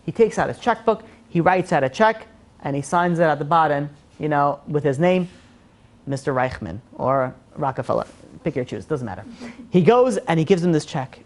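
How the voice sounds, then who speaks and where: A man, a rabbi, giving a class on faith, telling a story expressively and swinging from loud to soft. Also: fairly high pitch, expressive, moderate pace.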